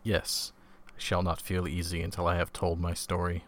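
A man's voice: deep voice, completely flat delivery, moderate pace, a bit bright. A man reading the lines of a shaken, pale young engineer who speaks politely and formally.

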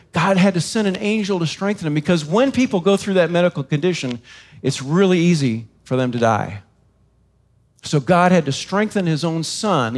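A man preaching a sermon in an earnest, emphatic way, acting out quoted cries with drama. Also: high-pitched. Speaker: pastor.

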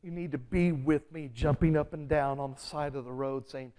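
A man preaching a sermon, urgent and pleading, dropping low and quiet, then rising loud and fast. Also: steady tone. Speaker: pastor.

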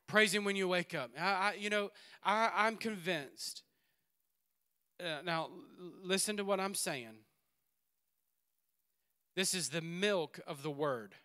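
Man, preacher, sermon in a church, high voice, bright tone, animated with quiet asides. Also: smooth. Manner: animated, swings between loud exhortation and quiet asides, laughs often. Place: church sanctuary.

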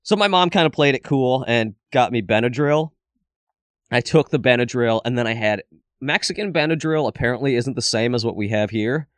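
A man's voice: mid-range voice, lively intonation, brisk, clean tone, no room sound. A man in his thirties co-hosting a podcast, telling rambling, profane stories in casual comedic chat. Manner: profane, rambling storyteller with acted quotes. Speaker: podcast co-host.

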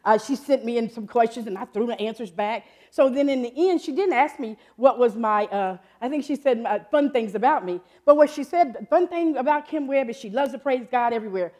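A woman in her fifties preaching a sermon in an animated, excitable way, often laughing and jumping up in pitch. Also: fairly quick, hardly any pauses. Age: 50s.

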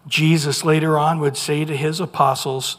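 A pastor preaching a sermon in an animated way, full of restarts and rhetorical questions. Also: mid-range voice, moderate pace. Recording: long hall reverb.

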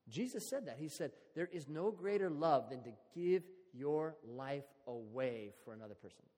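A man preaching a sermon in a relaxed, conversational, storytelling way. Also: a little high. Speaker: pastor. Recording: long hall reverb.

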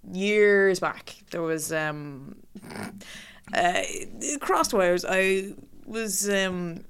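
A woman's voice: fairly low pitch, drawn-out words, clear, resonant tone. Swearing, self-mocking Irish woman. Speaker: comedian guest. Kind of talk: casual chat.

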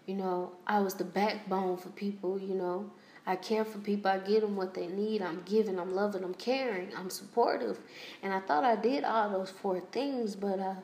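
A woman hosting a personal podcast, talking haltingly with many fillers and restarts as she holds back tears. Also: medium pitch, roomy sound. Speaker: podcast host.

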